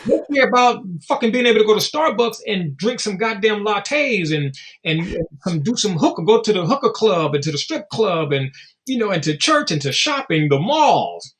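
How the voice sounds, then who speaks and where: Big pitch swings mark his high, slightly bright voice, delivered at a moderate pace. He's a blunt, foul-mouthed interview guest in a relaxed setting, spinning stories and performing the lines people said.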